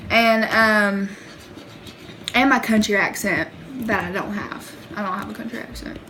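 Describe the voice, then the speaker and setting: A woman's voice: mid-range voice, steady tone, unhurried, noisy background. A woman with a Southern US accent chatting in a casual storytime vlog, rambling with lots of fillers, giggly and self-deprecating. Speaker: vlogger.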